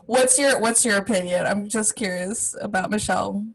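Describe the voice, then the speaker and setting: A woman's voice: mid-range voice, normal speed, gravelly, noisy background. A woman co-hosting a podcast in casual chat, talking with many fillers and restarts. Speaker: podcast co-host.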